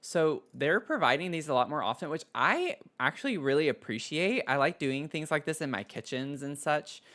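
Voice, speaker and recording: A man's voice: medium pitch, pushed and bright. A man giving a casual voice-over review of game items, gushing and chatty, with frequent gasps and repeated words. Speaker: game content creator.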